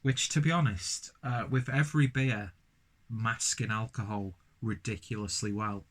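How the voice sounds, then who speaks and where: A man's voice: lowish voice, steady tone, moderate pace, a bit bright. A man casually reviewing a beer, rambling with lots of fillers and restarts.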